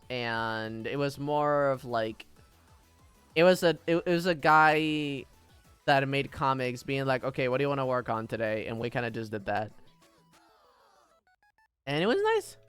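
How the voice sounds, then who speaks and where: Man, casual art stream chatter, giggly, hums tunes, smooth voice, slow easygoing pace. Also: medium pitch, fairly bright tone, no room sound. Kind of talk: casual chat while drawing. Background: faint background music.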